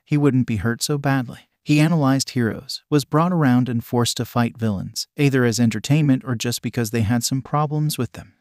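A man narrating a fan story, mid pitch, dry close sound, steady, cusses now and then. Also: no room sound. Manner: steady reading, swears freely in narration. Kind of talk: scripted fan fiction narration.

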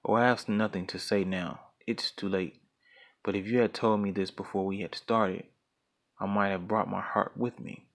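A man's voice: fairly low pitch, flat delivery, normal speed, vocal fry. A man voicing a clever, tricky male monkey in a folktale reading, talking slyly with mock indignation. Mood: wily.

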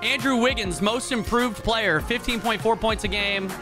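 A man giving casual, excitable let's play commentary, swearing freely and talking to his viewers. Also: sits high, moderate pace, over music. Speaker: gaming channel host.

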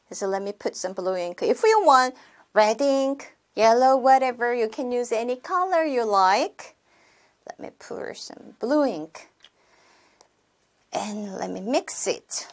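A young woman teaching a sample lesson in English, repeating words slowly for children. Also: on the high side. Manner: slow, sing-song classroom talk with repeated words. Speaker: teacher demonstrating a class.

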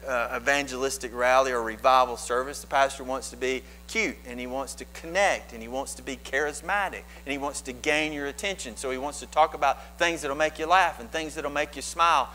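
A male pastor preaching a sermon, moving from quiet asides up to loud, forceful emphasis. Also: a little high, rough recording.

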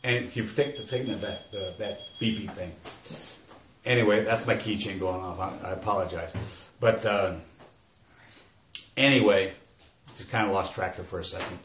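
A middle-aged man giving a personal testimony as a grieving father, halting and rambling, struggling to hold back emotion. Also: fairly low pitch, fairly bright tone, slight background noise. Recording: roomy echo.

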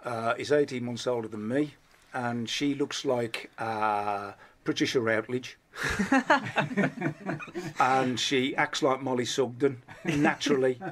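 A man's voice: mid-range voice, slow, fairly bright tone. A middle-aged man with a Black Country accent, a comedian chatting as a radio guest, telling rambling, self-deprecating stories full of restarts. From Black Country, England. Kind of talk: casual interview chat.

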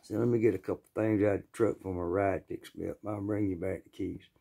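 A man with a Southern US accent telling a rambling work story in a folksy, plainspoken way, often clearing his throat. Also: low-pitched, little pitch movement, fairly quick, mellow. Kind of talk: casual storytelling.

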